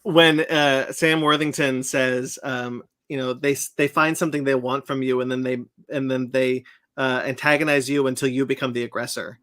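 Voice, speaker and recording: A man's voice: mid-range voice, steady tone, normal speed, fairly bright tone, dry recording. A man hosting a podcast, talking loosely about a film with many hesitant fillers. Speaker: podcast host. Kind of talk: casual film discussion.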